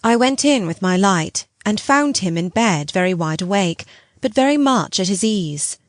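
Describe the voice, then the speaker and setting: A woman narrating a gothic novel audiobook with an expressive, measured reading. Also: medium pitch, no echo, clean studio sound.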